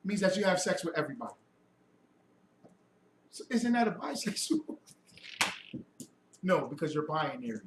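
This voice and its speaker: A man's voice: fairly high pitch, very animated, normal speed, long pauses. A man giving a heated lecture to a group, preachy and mocking, firing off rhetorical questions. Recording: echoey room, mic far off, faint noise.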